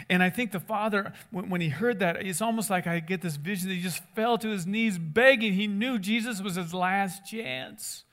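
A man preaching a conversational sermon as a pastor, animated and acting out voices in the stories he tells. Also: high voice, a little fast, hardly any pauses.

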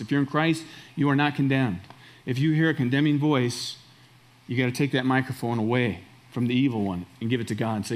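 A man's voice: a little high, moderate pace. A middle-aged male pastor preaching a sermon, emphatic and repeating key phrases for stress.

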